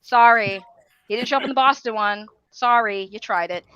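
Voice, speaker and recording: A woman chatting casually on a gaming talk show, teasing the others in a playful, excitable way. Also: a little high, moderate pace, smooth, no room sound, dull audio. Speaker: panelist on a gaming chat show. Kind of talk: casual chat.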